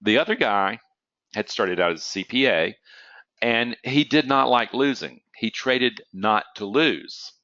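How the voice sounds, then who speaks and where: In an online lecture on trading psychology, a man tells stories conversationally, often checking in with "okay?" and coughing now and then. His medium-pitched voice is unhurried and sharp-toned, recorded with no room sound and the highs cut off.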